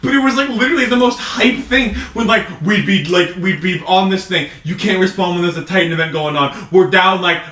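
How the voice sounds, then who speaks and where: A man co-hosting a casual podcast with friends, telling game stories excitedly, laughing and swearing. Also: high voice, brisk, hardly any pauses. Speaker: podcast co-host. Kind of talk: casual chat among friends. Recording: roomy echo, distant mic, faint noise.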